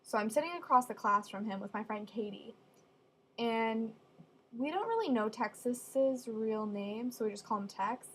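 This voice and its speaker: A young woman telling funny stories casually, with deadpan asides. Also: fairly high pitch, moderate pace, slightly rough. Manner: chatty, deadpan asides, acts out quoted voices. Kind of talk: casual storytelling.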